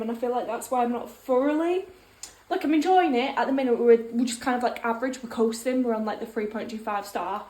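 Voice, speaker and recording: A woman's voice: fairly high pitch, darkish tone. A young woman chatting casually in a vlog, frank and ranting, swearing freely. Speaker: book vlogger.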